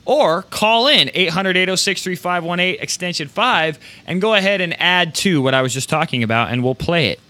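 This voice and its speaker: A man hosting a podcast, giving energetic, rambling motivational talk with casual swearing. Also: high voice, normal speed, few pauses. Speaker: podcast host.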